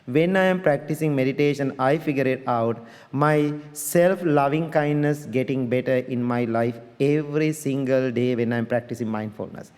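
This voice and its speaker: A man's voice: mid-range voice, moderate pace, darkish tone, big-room sound. A middle-aged man, a Buddhist monk, giving a dharma talk in earnest, direct English with non-native phrasing, checking that listeners follow. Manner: conversational teaching, asks listeners to check understanding. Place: large congregation hall.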